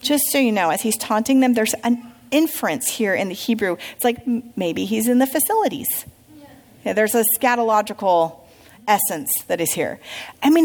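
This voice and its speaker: A woman with a somewhat high voice teaches a Bible lesson, reading scripture aloud and turning it into a lively story. She pauses to quiz her class. Her voice carries a long reverb, as if heard in a large hall. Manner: storytelling, asks the class questions.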